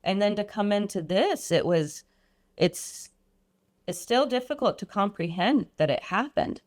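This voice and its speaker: A woman guest on a podcast, earnestly recounting a personal experience, often pausing and restarting her sentences. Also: mid-range voice, expressive. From Iran. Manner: earnest, halting, frequent restarts and ums. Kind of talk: personal storytelling.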